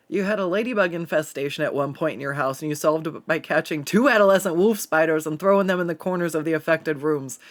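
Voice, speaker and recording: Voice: medium pitch, a bit bright. A streamer from the Pacific Northwest chatting casually while drawing and reading chat aloud, swearing freely and laughing often.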